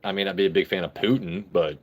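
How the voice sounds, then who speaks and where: A man with a somewhat low voice hosts a casual live stream. He jokes brashly and swears freely as he answers viewers' comments. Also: steady tone, fast, muffled recording, slight background noise. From United States. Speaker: livestream host.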